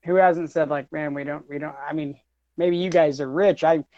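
A man's voice: fairly high pitch, fairly even intonation, moderate pace, dark tone, no room sound, muffled recording. A man in his thirties co-hosting a casual podcast, rambling and repeating words, laughing often. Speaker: podcast co-host.

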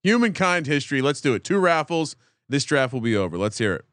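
A man co-hosting a podcast, chatting casually and excitedly, stumbling over his words and swearing freely. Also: mid-range voice, fairly quick, no room sound, studio quality. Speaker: podcast co-host. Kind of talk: casual fantasy draft banter.

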